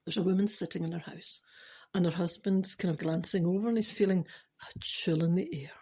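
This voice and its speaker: Scottish woman, husky, chatty storyteller with asides. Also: on the low side, steady tone, a little fast, mellow. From Scotland. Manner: chatty, giggly, asides to the viewer. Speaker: vlogger telling funny stories. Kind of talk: casual storytelling.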